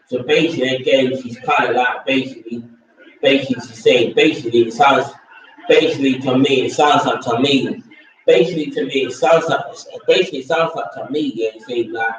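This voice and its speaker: A man's voice: medium pitch, steady tone, a little fast, a little hiss or hum. Rambling, blunt man on an echoey mic. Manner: rambling, repeats himself, blunt and opinionated. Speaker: vlogger reviewing a reality show. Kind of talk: casual opinionated chat. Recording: echoey, distant, dull lo-fi room sound.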